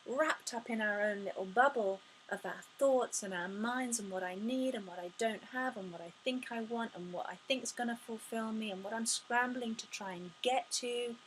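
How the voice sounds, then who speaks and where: A woman speaking as a spiritual life coach in an inspirational talk to camera, effusive and expressive, often sighing and gasping as she speaks. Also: on the high side, a little hiss or hum, rough recording. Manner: effusive and expressive, with frequent sighs and gasps.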